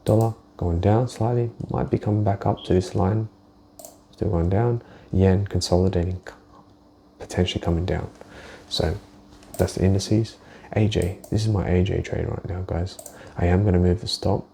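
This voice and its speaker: A man's voice: deep voice, steady tone, normal speed, gravelly, dark tone, a little hiss or hum. A man giving a casual walkthrough of his forex trades, thinking aloud and swearing as he goes, with many restarted sentences. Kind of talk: casual screen-share market walkthrough.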